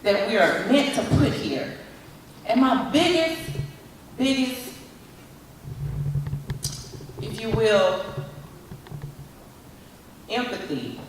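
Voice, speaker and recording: A woman motivational speaker giving an animated talk, coaxing audience volunteers with repeated calls. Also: on the low side, a little hiss or hum. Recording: echoey hall from far off.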